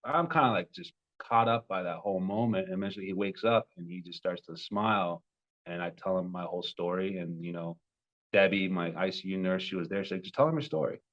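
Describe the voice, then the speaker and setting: A man in his twenties, a love coach, telling a personal story with animated, emotional bursts. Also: sits low, fairly quick, lo-fi sound. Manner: emotional, animated retelling with sudden loud peaks.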